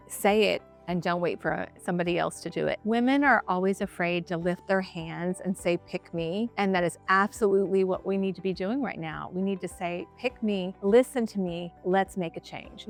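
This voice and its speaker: A middle-aged woman, a comedian and filmmaker, telling her own story to camera in an earnest, lively way. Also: mid-range voice, normal speed, hardly any pauses, soft background music. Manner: earnest, lively storyteller who acts out quoted voices.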